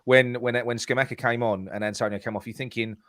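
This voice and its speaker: Male co-host, rapid talker, animated, dry video-call sound. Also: mid-range voice, no room sound. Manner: quick, animated, prompts others to speak. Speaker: podcast co-host. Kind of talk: casual fan chat on a live stream.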